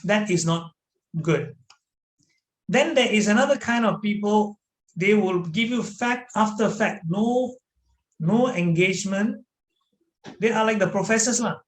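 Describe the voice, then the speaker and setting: Man, Malaysian English accent, trainer, animated, asks the audience questions, echoey room. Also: sits high, a little slow, long pauses. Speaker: corporate trainer. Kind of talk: online training talk. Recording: roomy echo.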